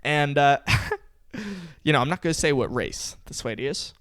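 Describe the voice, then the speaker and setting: A young man co-hosting a comedy podcast, telling family stories in a casual, animated way and acting out quotes. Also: a little high, a little slow, no echo, clean studio sound. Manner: animated, acts out quotes in character. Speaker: podcast co-host.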